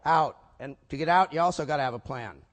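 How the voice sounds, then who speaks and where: An older man giving a keynote talk at a business conference. He has a slightly high voice and a punchy delivery, often asking the crowd questions. A long reverb from the hall hangs behind him. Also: fast. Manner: punchy, asks the audience rhetorical questions. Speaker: keynote speaker.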